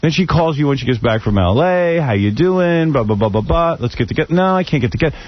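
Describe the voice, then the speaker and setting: A man's voice: fairly high pitch, quick pace. A man hosting a radio show, telling stories in casual banter and acting out the quotes. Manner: animated storyteller, acts out quotes. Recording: muffled radio broadcast.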